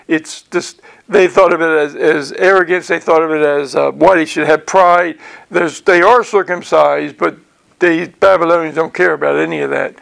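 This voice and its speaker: A man's voice: fairly high pitch, creaky, a bit bright. A man teaching through a Bible passage verse by verse in a conversational way, repeating words and using many fillers.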